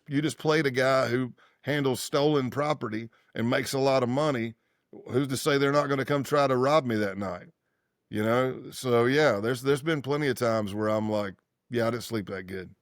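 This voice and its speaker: The recording is dry and studio-clean, carrying a man's medium-pitched voice. Now in his fifties and formerly working undercover, he spins casual interview anecdotes, wandering and revising himself mid-sentence, and voices the characters in his quotes with lively flair.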